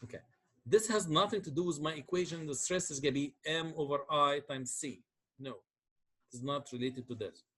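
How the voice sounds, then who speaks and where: Man lecturing with a husky voice. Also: a little high, normal speed, a bit bright. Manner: explains step by step, asks checking questions. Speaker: engineering lecturer. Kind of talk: classroom lecture.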